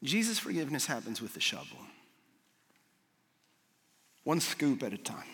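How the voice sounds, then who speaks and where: A man preaching a sermon as a pastor, storytelling with animated swings and soft, low moments for emphasis. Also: moderate pace, slightly rough. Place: large hall with audience. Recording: long reverb of a large hall.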